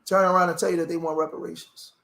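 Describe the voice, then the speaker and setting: A man's voice: on the high side, flat delivery, fast talker, gravelly, sharp tone. A man talking on a live stream, impassioned and rambling, often restarting his sentences. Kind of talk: emotional live-stream talk. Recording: roomy echo.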